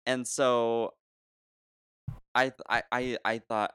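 A man telling a long story in casual chat, animated, laughing often and restarting sentences. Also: medium pitch, takes it slowly, pauses often, smooth, no room sound. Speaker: podcast co-host telling a story.

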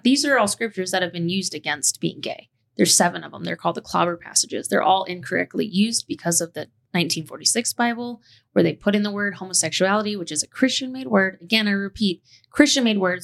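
A woman's voice: on the low side, creaky, fairly bright tone. A woman hosting a podcast, talking in a passionate, heated rant and cussing freely. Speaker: podcast host.

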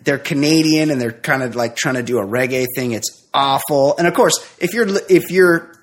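A middle-aged man co-hosting a casual podcast. He makes dry, sarcastic asides at a middle pitch, and his delivery is quick and offhand. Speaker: podcast co-host. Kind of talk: casual chat.

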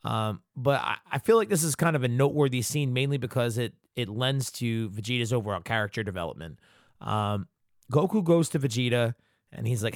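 A man's voice: mid-range voice, animated, brisk, no echo, clean studio sound. A man hosting a podcast, giving loose, profane fan commentary as he retells scenes. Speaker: podcast host.

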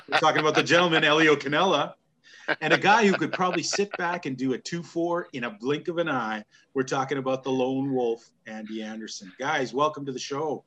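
A man's voice: on the high side, fairly bright tone. A man with a Canadian accent hosting a casual wrestling podcast, joking, laughing often and grumbling about the shows. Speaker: podcast host. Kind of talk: casual chat.

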